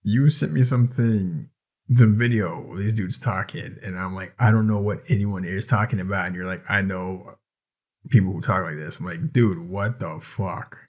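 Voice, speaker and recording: A man's voice: deep voice, moderate pace, a little mellow. A man co-hosting a casual podcast, bantering with dry sarcasm and casual swearing. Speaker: podcast co-host. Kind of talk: casual chat.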